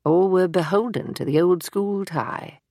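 A brisk older spymaster with a dry, matter-of-fact edge and a lowish voice, as a woman reads her in an audiobook. The recording is close and dry. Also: creaky, warm tone, no room sound. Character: older woman, former wartime intelligence officer, brisk and wry. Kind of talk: audiobook character reading.

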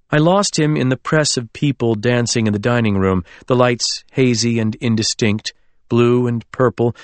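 A man reading a novel aloud as an audiobook narrator, in a measured, literary storytelling manner. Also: mid-range voice, no room sound. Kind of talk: scripted narration.

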